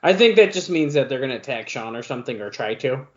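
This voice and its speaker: A man's voice: mid-range voice, lively intonation, quick pace. A man co-hosting a podcast, casually narrating what happens backstage. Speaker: podcast co-host. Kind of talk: casual watch-along chat. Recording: dull lo-fi podcast audio.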